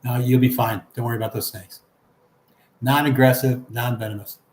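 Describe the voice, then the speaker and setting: An older livestream host reads his chat aloud and answers each comment in a relaxed, casual manner. His pitch is medium and his intonation fairly even, at a normal speed. The room has an echo and a faint hum.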